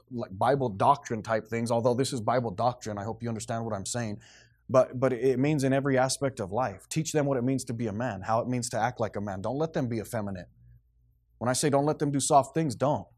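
A man's voice: medium pitch, brisk. A man, preaching a blunt, emphatic sermon as pastor. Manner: blunt, emphatic preaching, grows loud and animated.

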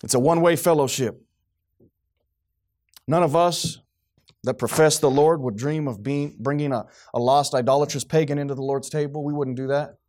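A man preaching a sermon to his congregation, swinging from quiet, low remarks to loud, high outbursts. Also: fairly even intonation, moderate pace. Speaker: pastor.

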